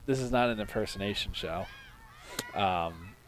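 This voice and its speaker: A young male sports commentator with a lowish voice calls the action steadily, then slides into loose, chatty banter with his partner between plays. He sounds like a local broadcaster in his twenties. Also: normal speed, fairly bright tone. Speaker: play-by-play commentator. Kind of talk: live sports commentary and booth chat.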